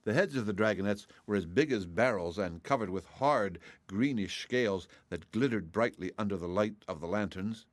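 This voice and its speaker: A man reading a classic children's novel aloud as audiobook narrator, in a steady, plain way. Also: on the low side, normal speed, few pauses, no room sound.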